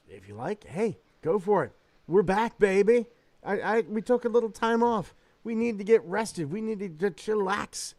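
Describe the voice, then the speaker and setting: A man's voice: sits high, a little mellow, no room sound. Joking, swearing podcast host man. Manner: loose, joking, swears freely. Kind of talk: casual chat.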